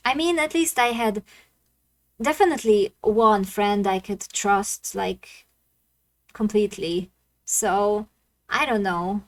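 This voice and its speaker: A woman's voice: mid-range voice, takes it slowly, pauses often, rough recording. A woman streaming a dating sim, reacting bluntly and swearing often in casual gaming commentary.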